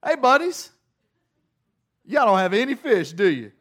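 A man's voice: high-pitched, big pitch swings, moderate pace. A man voicing Jesus as a friendly man calling out from the shore in a folksy, coaxing way.

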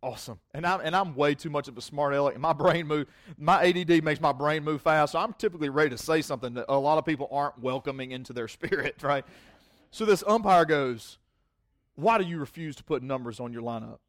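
Man, pastor, sermon, slightly high pitch, dry close sound, rambling, self-mocking storytelling. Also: fast talker, no echo. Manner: rambling, self-mocking, repeats words, acts out both sides of a dialogue.

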